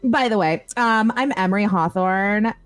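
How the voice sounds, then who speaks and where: A woman's voice: medium pitch, normal speed, dry recording, soft background music. Friendly woman role-playing at a tabletop game. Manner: chatty, friendly and upbeat. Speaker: tabletop player. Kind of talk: in-character role-play.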